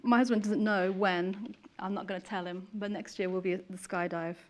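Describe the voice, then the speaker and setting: A woman's voice: mid-range voice, fairly even intonation, moderate pace, darkish tone. Woman explaining a quilting demo. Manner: friendly, explains steps plainly. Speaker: quilting demonstrator. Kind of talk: casual chat while demonstrating sewing.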